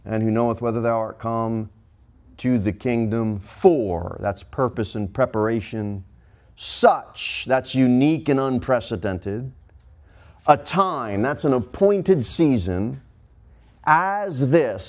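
Guy preaching in church, mid-pitch voice, big swings up and down, speeds up and slows way down. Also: expressive. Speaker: pastor. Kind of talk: sermon.

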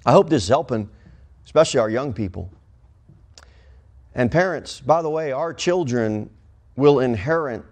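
A man preaching a sermon as pastor, with emphatic swings in pitch and pace.

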